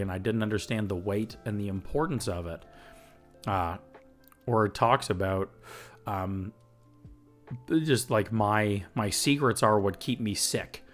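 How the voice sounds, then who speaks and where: A man hosting a recovery podcast, talking earnestly and getting fired up, with the odd swear and laugh. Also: fairly low pitch. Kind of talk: reflective recovery podcast talk.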